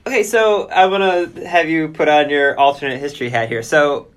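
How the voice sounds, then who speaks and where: Relaxed male podcast host. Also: a little high, normal speed, clean tone. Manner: relaxed, rambling questions with fillers. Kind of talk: casual interview chat.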